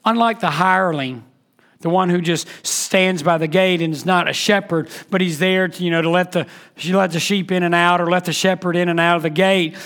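A man preaching a sermon as pastor, impassioned, swinging between loud emphatic peaks and soft hushed lines. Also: sits high.

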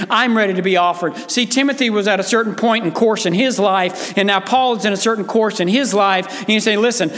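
High-voiced preaching man in a reverberant hall. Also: fairly bright tone. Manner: earnest, emphatic preaching with direct appeals to listeners. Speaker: pastor. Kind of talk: sermon.

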